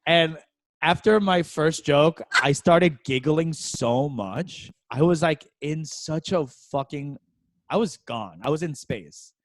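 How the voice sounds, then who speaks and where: Young guy hosting a comedy podcast, kinda high voice, laughs a lot, hams up the quotes, dry mic. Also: slow, no echo. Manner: animated, laughs often, acts out quotes in exaggerated voices. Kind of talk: casual chat, storytelling.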